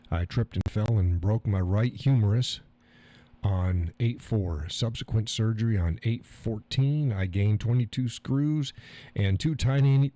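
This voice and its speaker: This middle-aged man hosts a laid-back live stream in a lowish, mellow voice. He reads chat comments aloud, chats easily, cracks salty jokes and laughs a lot.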